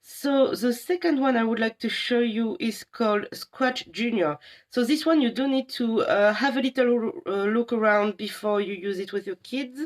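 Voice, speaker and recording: A young adult woman from a library staff giving a casual live demo of apps, chatty and enthusiastic with many pauses. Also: fairly high pitch.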